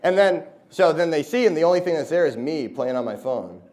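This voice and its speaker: A man's voice: a little high, expressive, brisk, darkish tone. A man, a comedian, giving a chatty, upbeat talk to students, with many "like"s and "you know"s. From United States. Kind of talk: casual lively presentation.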